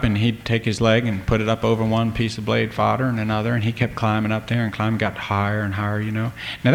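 A man tells an old folk tale in a relaxed, folksy drawl. His voice sits at an ordinary middle pitch, and he often turns to address the listener. A faint hiss runs underneath. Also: creaky. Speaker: storyteller.

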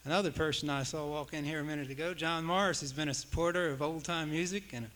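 A man from West Virginia emcees an old-time music show on a stage microphone in a hall at a live music event, announcing in a folksy, easygoing way with homespun phrasing. His voice is a little high and fairly bright, fast, with fairly even intonation. The hall is echoey with long reverb.

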